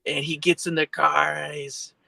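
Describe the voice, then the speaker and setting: A man telling a story as a guest in a casual, animated way. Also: a little high, normal speed, creaky, no room sound, poor audio.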